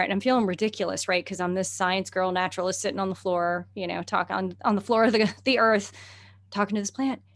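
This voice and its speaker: A woman's voice: mid-range voice, no room sound. Chatty middle-aged woman telling a story. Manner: chatty, animated, laughs often, many fillers. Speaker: guest herbalist and naturalist. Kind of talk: casual storytelling in conversation.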